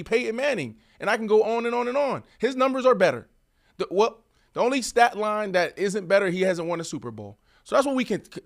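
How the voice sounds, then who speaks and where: A man in his thirties, a former wide receiver co-hosting a sports show, arguing his points emphatically in casual debate. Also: sits high. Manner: emphatic, animated, repeats himself.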